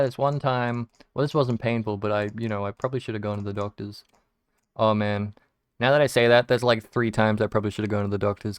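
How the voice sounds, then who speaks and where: A young Australian man rambles through casual stories, swearing and restarting his sentences as he goes. His voice is smooth and clear, recorded close and dry with no room sound. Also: lowish voice, no echo. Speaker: video game streamer. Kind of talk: casual storytelling while gaming.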